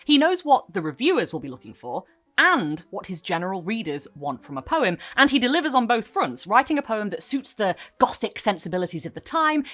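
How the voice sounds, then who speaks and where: A woman narrates a literary video essay in a mid-pitched voice that rises and falls with great animation. She reads her script emphatically and lets dramatic pauses land. Soft music plays faintly under her voice.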